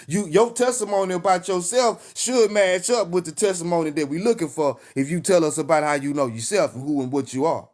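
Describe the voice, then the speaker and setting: A man with a Texan accent preaching with fire in a live stream, emphatic and repetitive, hammering his lines like a call and response. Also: high-pitched. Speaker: online preacher.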